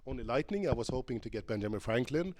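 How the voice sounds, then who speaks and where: A man's voice: mid-range voice, expressive, fast, darkish tone. A man speaking from a conference stage in a loose, chatty keynote. He thinks aloud as he goes, with plenty of ums and restarted sentences. His delivery stays playful and informal. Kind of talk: conference keynote with live game demo.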